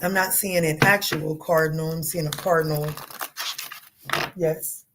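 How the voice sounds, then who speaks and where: A woman giving a casual tarot reading, talking in a chatty, animated way, swearing and joking with her viewers. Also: low voice, unhurried, background noise. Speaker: tarot reader.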